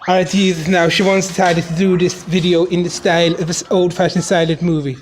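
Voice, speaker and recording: A man's voice: high-pitched, level tone, fairly quick, faint music behind, close to an everyday voice. A man putting on an Irish accent to narrate a silent craft video as a wry, chuckling commentator. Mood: amused. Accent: put-on Irish. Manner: wry running commentary, chuckling, mutters "Jesus" a lot. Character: jokey male narrator with a put-on Irish lilt. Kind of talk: mock silent-movie voiceover.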